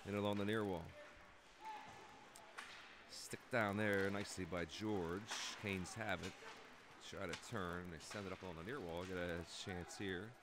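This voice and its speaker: Man, hockey play-by-play, low voice, jokey and excitable, noisy rink recording. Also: unhurried. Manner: excitable, jokey, calls goals loudly. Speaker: play-by-play commentator. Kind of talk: amateur youth hockey commentary.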